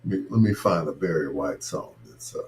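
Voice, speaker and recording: A man hosting a late-night live stream. He talks in a slow, smooth, crooning romantic way, calls listeners baby, and greets viewers by name in a joking tone. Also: a bass voice, a little hiss or hum.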